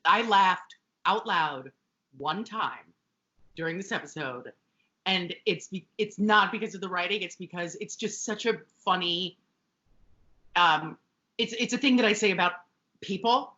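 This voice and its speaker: A woman's voice: fairly low pitch, measured pace, sharp tone, highs cut off. A woman co-hosting a podcast, chatting casually and sarcastically as she recaps a sitcom, swearing freely. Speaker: podcast co-host.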